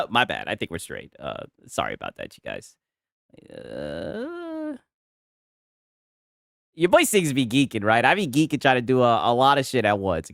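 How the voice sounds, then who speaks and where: A man reacting to posts on a casual stream, animated and laughing, with "right?" after many lines. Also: medium pitch, vocal fry, no room sound, clean studio sound.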